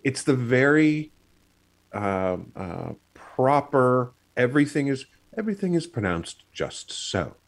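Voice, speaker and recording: A man's voice: medium pitch, sing-song, a little slow, vocal fry. A man co-hosting a casual chat on a video call, explaining with many fillers and restarts. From United States. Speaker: podcast co-host.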